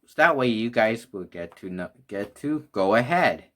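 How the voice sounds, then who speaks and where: Here a man with a lowish, somewhat bright voice and lively intonation reviews toys at a normal speed. It's a casual vlog where he rambles, restarts frequently, and sighs, audibly out of breath.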